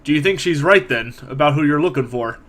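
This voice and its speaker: A man's voice: a little high, lively intonation, fairly quick, a bit bright. A man voicing a weary middle-aged innkeeper who talks in a plain, mildly apologetic way.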